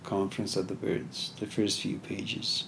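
A man's voice: sits low, monotone, unhurried, vocal fry, noisy background. A man giving an informal philosophy lecture, talking conversationally with many "you know"s and story asides.

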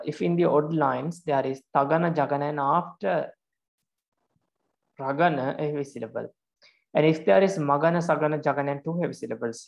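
Guy teaching a class, gravelly voice, mid pitch, slow and repeats stuff. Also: a little mellow. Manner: explains slowly, repeating terms. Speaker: Pali teacher. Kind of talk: online class lecture.

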